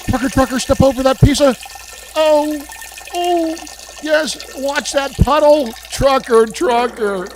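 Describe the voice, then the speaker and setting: A show host narrating a game in a joking, mock-panicked way, swearing often, stammering and repeating itself, later sliding into a gruff, bossy police-officer act. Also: mid-range voice, lively intonation, slow, background noise. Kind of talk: profane, joking gameplay commentary.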